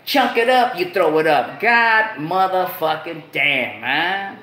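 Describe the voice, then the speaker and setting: A man's voice: on the high side, lively intonation, takes it slowly, pushed and bright, reverberant. A man hosting his own show in a casual rant, full of profane street slang and repeated lines. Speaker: show host.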